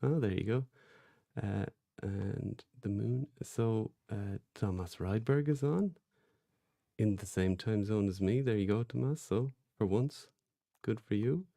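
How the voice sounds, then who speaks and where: A man hosting a casual podcast livestream, chatty and relaxed, reading out names from the chat. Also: lowish voice, unhurried, gravelly, dry recording, clean studio sound. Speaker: podcast host.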